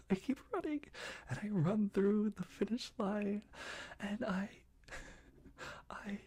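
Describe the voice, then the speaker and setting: A young man whispers through a rambling ASMR life update, his breathy voice low-key and mellow. He keeps stopping and starting his sentences, soft and close. The tone stays warm and airy throughout. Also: slow. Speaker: ASMR creator.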